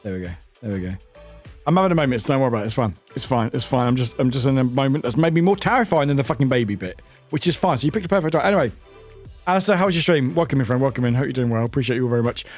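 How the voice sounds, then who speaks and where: A man's voice: mid-range voice, expressive, very fast, faint music behind. Guy streaming scary games, rambly and sweary, voice bounces all over. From United Kingdom. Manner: chatty, rambling, swears, yelps when startled. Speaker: gaming streamer. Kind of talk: live gaming stream chat.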